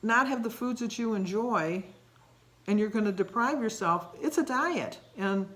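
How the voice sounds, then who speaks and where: A woman's voice: a little high, a little slow, a bit bright. An older woman talking casually in a daily vlog, rambling and emotional, sometimes tearful. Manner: rambling, emotional, self-deprecating. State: tearful at times. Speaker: vlogger.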